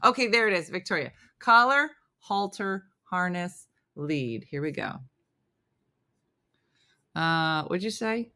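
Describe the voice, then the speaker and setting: A woman's voice: fairly low pitch, lively intonation, slow pace, sharp tone. A woman comedian hosting a live morning show, chatting casually and self-deprecatingly, reading viewer comments as she goes. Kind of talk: casual live-stream chat.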